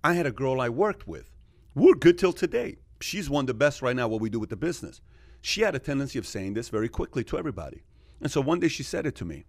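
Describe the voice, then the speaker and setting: A man hosting a podcast in a casual, animated way. He tells stories and acts out the people in them, with plenty of fillers. His voice sits at a middle pitch and sounds dry and close to the mic. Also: fast, no room sound. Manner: animated storyteller, acts out quoted exchanges, frequent fillers. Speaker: podcast host.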